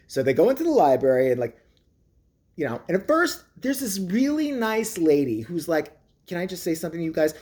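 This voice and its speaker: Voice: mid-range voice, dark tone. A vlogger ranting crudely and mockingly, swearing often in a comedic monologue. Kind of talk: profane comedic rant.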